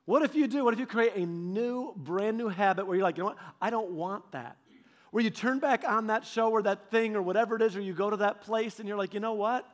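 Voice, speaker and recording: A woman giving devotional teaching on fasting in a conversational, animated storytelling manner. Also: medium pitch. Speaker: church leader.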